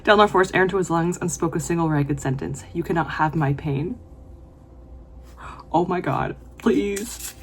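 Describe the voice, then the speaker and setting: A woman with a somewhat low voice reads a novel aloud for her vlog. She breaks off into gushing, emotional reactions between passages. The tone stays casual and personal. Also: fairly even intonation, moderate pace, pauses often, a little hiss or hum. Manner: emotional, gushing reactions with laughs and whispered asides. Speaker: book vlogger.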